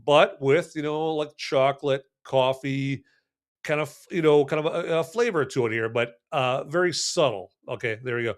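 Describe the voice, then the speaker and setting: Casual podcast host, male, slightly higher voice, rambling and jokey beer review. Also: normal speed. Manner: rambling, lots of fillers and restarts, jokey. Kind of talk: casual chat.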